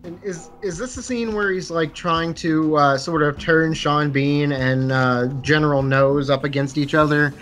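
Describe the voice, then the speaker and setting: A man's voice: on the high side, fairly even intonation, measured pace, hardly any pauses, fairly bright tone, soft background music. A man on a podcast recapping movie scenes in a rambling, hesitant way. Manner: rambling, hesitant, full of likes. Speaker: podcast co-host. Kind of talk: casual movie recap chat.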